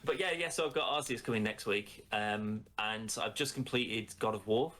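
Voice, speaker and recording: A man's voice: on the low side, moderate pace, fairly bright tone. Guy ranting on a podcast, lots of swearing, does silly voices when quoting stuff. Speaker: podcast co-host. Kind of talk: casual chat.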